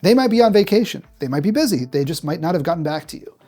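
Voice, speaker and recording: Male presenter, direct and punchy, mid-high voice, tutorial delivery. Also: expressive, fast, dark tone, breathy edge, faint music behind. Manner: direct, punchy, acts out examples. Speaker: marketing executive presenting a tutorial. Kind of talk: direct-to-camera business tutorial.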